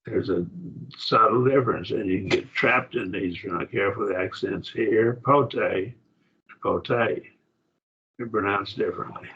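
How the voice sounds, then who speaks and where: A man teaching a Greek grammar class, explaining words slowly and checking in with his students. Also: lowish voice, slight background noise. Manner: slow, explanatory, repeats words and checks with "okay?" and "see?". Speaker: Bible college Greek teacher. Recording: dull lo-fi classroom recording.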